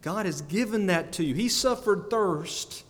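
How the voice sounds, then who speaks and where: A man preaching a sermon, animated and often breaking into laughter between emphatic peaks. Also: high voice, measured pace. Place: church sanctuary. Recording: long church reverb.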